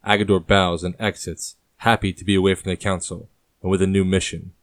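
Guy reading a story aloud, low voice, quiet and even, dry close sound. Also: a little fast, dry recording. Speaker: narrator. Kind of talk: storybook narration.

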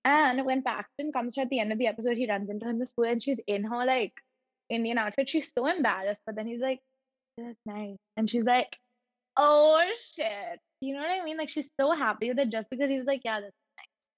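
A woman's voice: a little high, fast talker, dry recording, long reverb tail, muffled recording. A woman co-hosting a podcast, chatting casually and animatedly, often digressing. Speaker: podcast co-host. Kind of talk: casual chat.

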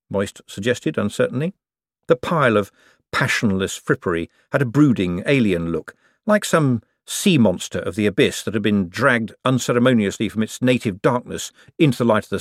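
Male audiobook narrator, animated comic reading, close dry studio sound. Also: fairly low pitch, normal speed, no room sound. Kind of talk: scripted narration.

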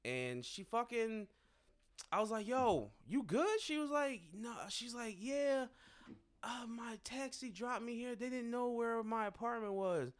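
A young adult man, a podcast co-host, telling a story in casual, animated, profane chat. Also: very high-pitched, unhurried.

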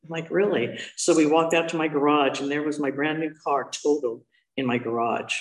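A woman's voice: sits low, fairly quick. Woman telling a candid recovery story in a roomy hall. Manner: candid, self-mocking, animated quoting of others. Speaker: speaker sharing a recovery story. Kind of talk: personal storytelling. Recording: roomy, distant from the mic.

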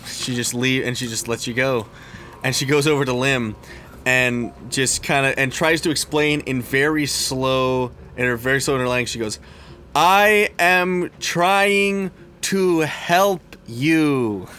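A man's voice: mid-range voice, steady tone, moderate pace, sharp tone, a little hiss or hum. A man narrating a tabletop role-playing game as game master, rambling with many fillers and restarts.

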